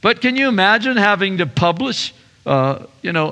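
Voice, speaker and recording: A male pastor delivers a sermon with animated energy, often restarting phrases. His voice is high and bright. Long reverb from a large church hall trails behind. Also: moderate pace. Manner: animated, repeats words and restarts.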